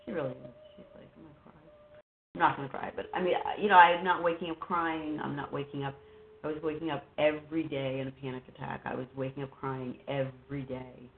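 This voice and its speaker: Low, gravelly woman guest, halting and rambling, heard over a tinny phone line. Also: little pitch movement. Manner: halting, rambling, with many fillers and restarts. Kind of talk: casual personal conversation. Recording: phone-like line with faint noise.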